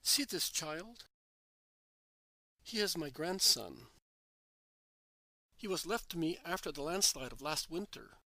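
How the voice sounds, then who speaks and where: A man's voice: fairly high pitch, sing-song, slow pace, pauses often, pushed and bright, dry recording, exaggerated voice. A man reading the lines of an elderly, tearful peasant grandfather with a guttural voice, in a plain pleading tone.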